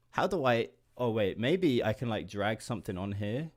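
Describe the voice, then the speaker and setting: An English man in his late twenties talks through a livestream as he works, in a slightly low voice. He rambles and loses his thread, laughs often and swears offhandedly as he chats. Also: big pitch swings, unhurried. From England. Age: late 20s. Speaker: indie game developer streaming. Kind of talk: casual livestream chat while drawing.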